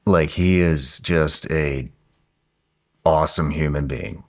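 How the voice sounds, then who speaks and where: A man with a very deep, low voice hosts a podcast in a relaxed, casual way. He asks questions and answers with short exclamations. His talk is loose and informal. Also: takes it slowly. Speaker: podcast host. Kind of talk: podcast interview.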